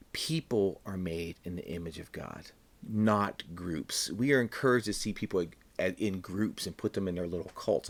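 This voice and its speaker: A man with a fairly low voice gives a short devotional Bible teaching. He talks in an earnest, plain-spoken way and drives his points home by repeating them. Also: gravelly, darkish tone.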